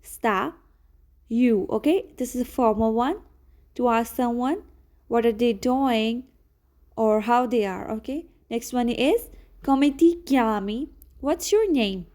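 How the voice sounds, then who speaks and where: A woman's voice: a little high, slow pace, mellow. A woman teaching Italian phrases one by one, repeating each and translating it into English in slightly non-native phrasing. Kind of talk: slow language lesson.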